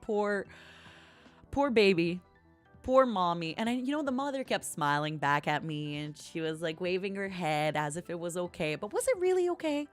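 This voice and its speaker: A woman's voice: lowish voice, moderate pace, soft background music. A woman streamer in casual chat, telling a story dramatically and animatedly.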